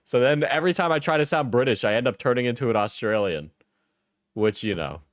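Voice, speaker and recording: A man's voice: medium pitch, animated, brisk, no room sound, studio quality. A man streaming casual commentary in a rambling, profane way, with frequent laughter.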